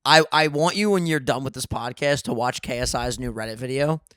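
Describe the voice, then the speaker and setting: A man's voice: mid-range voice, fairly bright tone, smooth, no room sound, clean studio sound. A man co-hosting a podcast, telling stories in a loose, profane, joking way. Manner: loose, profane storytelling with quick jokes. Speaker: podcast co-host. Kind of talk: casual podcast banter. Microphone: studio dynamic microphone.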